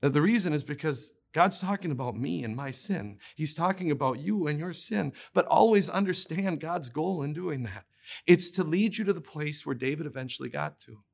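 A man's voice: on the high side, animated, normal speed, creaky. A man preaching a sermon in an earnest, emphatic way, often restarting his words as he pushes a point home. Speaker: pastor.

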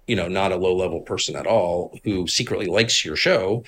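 A man's voice: low voice, moderate pace, slight background noise. A middle-aged man from Washington, D.C., telling stories in a casual interview in an indignant, emphatic way. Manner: animated, indignant, emphatic storytelling. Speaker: interviewed guest, political commentator.

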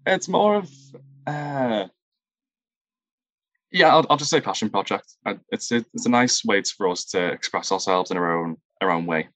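Improv guest, male, lowish, rambling and hesitant, dry close sound. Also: animated, fairly bright tone, no echo. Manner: halting, searches for words, many fillers. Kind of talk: casual interview answers.

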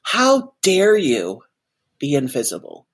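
Woman doing a stern woman scolding, slow and husky. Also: deep voice, animated, exaggerated voice. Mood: reproachful. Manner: slow, reproachful.

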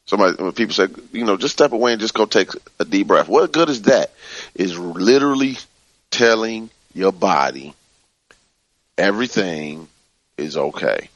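Deep-voiced man teaching calmly. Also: dry recording, muffled recording. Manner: slow, calm, repeats soothing phrases. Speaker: teacher leading a book study. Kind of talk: spiritual teaching, reading from a book.

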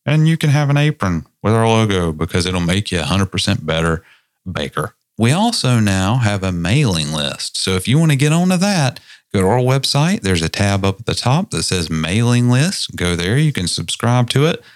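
A man's voice: on the low side, very animated, moderate pace, no room sound, studio quality. A man with a Southern US accent, co-hosting a podcast in casual, teasing chat. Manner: playful, teasing. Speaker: podcast co-host.

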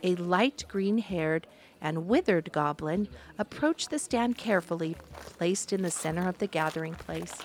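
A woman narrating a fantasy storybook in a measured, descriptive manner. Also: on the low side, darkish tone, slight background noise.

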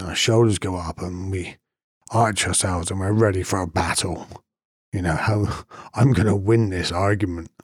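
A man's voice: medium pitch, warm tone, dry recording, clean studio sound. A man giving a reflective spoken talk, telling stories and repeating his points for emphasis.

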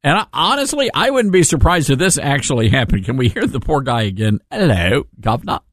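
A man hosting a talk radio show and mocking his subject with a sarcastic edge. His voice sits a little high and sounds close and dry in the studio. He keeps slipping into chuckles between halting fillers. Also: expressive, a bit bright, dry recording.

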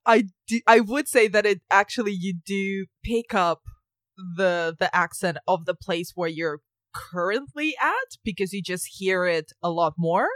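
A woman's voice: medium pitch, unhurried, a bit bright, no room sound, studio quality. A woman hosting a podcast in casual chat, wry and playful, who swears casually. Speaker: podcast host.

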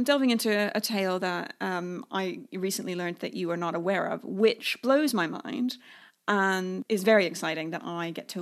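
A young woman from Canada hosting a podcast, playful and dramatic as she tells stories and chats. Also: medium pitch. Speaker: podcast host. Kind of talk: podcast chat with dramatic narrated intro.

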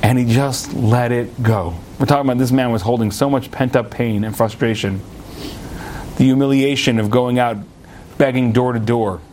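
A young American man giving a storytelling Torah talk, chatty and animated, with restarts and asides. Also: mid-range voice, normal speed, slight background noise. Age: young adult. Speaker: rabbi.

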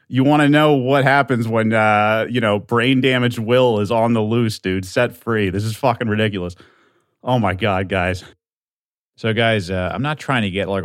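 A man's voice: fairly low pitch, no room sound. Man, solo podcast host, rambling, profane, earnest, dry close sound. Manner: rambling and profane, lots of filler and restarts; pleading, earnest.

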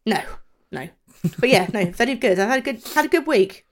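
A woman's voice: fairly high pitch, lively intonation, a little fast. A woman co-hosting a podcast in casual chat, chatty with hesitant restarts. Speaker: podcast co-host.

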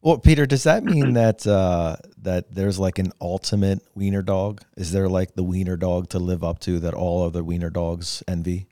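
A man's voice: low voice, fairly even intonation, normal speed, few pauses, mellow, dry recording, studio quality. A man hosting an interview, asking playful, joking questions. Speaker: podcast host.

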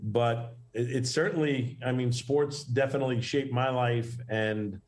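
Middle-aged guy rambling on an interview, lots of ums and restarts, ordinary pitch. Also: fairly even intonation, unhurried. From New York. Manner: rambling with many restarts and fillers. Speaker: actor interviewed as guest. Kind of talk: casual interview talk.

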